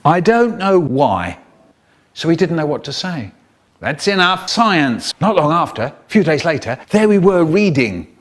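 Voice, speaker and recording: A man telling comic stories in a theatrical, animated way, cut up and re-edited. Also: fairly high pitch, normal speed. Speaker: children's storyteller. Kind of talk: chopped-up comic storytelling.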